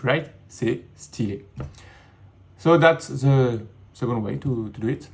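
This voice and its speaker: Male teacher, slow and deliberate, beginner lesson from a home studio. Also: medium pitch. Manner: slow, repeats words in English and French. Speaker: French teacher.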